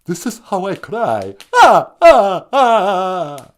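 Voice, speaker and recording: A man's voice: huge pitch swings, exaggerated voice. Man putting on a cackling vampire Count. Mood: theatrical. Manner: booming, drawn-out, cackling "ah, ah" laugh. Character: theatrical old male vampire count, dramatic.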